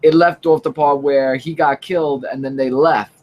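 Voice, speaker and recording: A man co-hosting a casual live show, talking in a halting way with frequent fillers and restarts. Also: fairly high pitch, steady tone, darkish tone, slight background noise, low-quality recording. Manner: halting, lots of uh and you know, restarts. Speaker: co-host. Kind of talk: casual chat about comics and TV.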